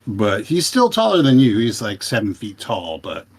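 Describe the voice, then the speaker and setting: A man narrating a tabletop game as game master, unhurried and pausing often with fillers. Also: lowish voice, huge pitch swings.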